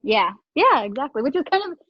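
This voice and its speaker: A woman's voice: high voice, sing-song, brisk, slightly rough, no room sound. Podcast co-host, woman, casual and chatty with many fillers, dry and slightly muffled remote-call sound. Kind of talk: casual chat. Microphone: video call. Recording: dull lo-fi remote call audio.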